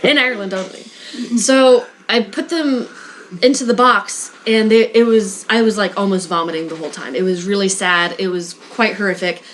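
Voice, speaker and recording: A woman telling a story in casual chat, animated and slipping into voices for the people in it. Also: medium pitch, moderate pace, a little hiss or hum. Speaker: guest storyteller.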